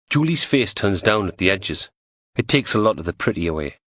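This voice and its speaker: A man's voice: sits low, animated, a little fast, a bit bright, husky, no echo. A man narrating an audiobook crime thriller in a dry, wry storytelling manner on a close studio mic.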